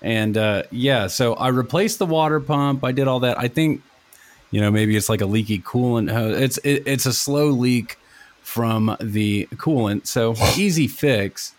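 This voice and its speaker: A podcast co-host with a mid-range voice chats casually in a laid-back way, speaking a little slowly in a dry recording.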